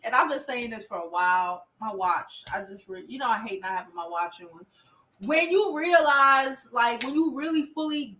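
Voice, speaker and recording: A woman's voice: a little high, normal speed, sharp tone, distant mic. A woman host giving casual, rambling commentary with exclamations. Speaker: host reacting to a clip.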